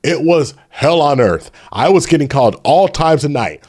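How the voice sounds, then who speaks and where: A middle-aged man hosting a livestream, ranting heatedly and preachily with many restarts, then talking quietly to his chat. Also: a little high, expressive, moderate pace. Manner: drops to soft, pleading tone addressing chat. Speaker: channel host. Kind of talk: livestream commentary.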